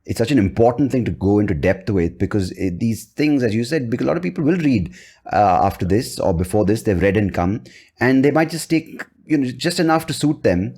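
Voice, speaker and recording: A man's voice: medium pitch, lively intonation, brisk, a little mellow, slightly rough. A man hosting a casual podcast interview, chatting easily and telling personal anecdotes. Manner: chatty, acts out others' voices in quotes. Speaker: podcast host.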